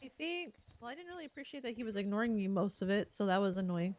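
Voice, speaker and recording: A woman playing a police interviewer in a game roleplay, chatty and quick with fillers like "like" and "um". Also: mid-range voice, sing-song, darkish tone. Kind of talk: casual game roleplay chat.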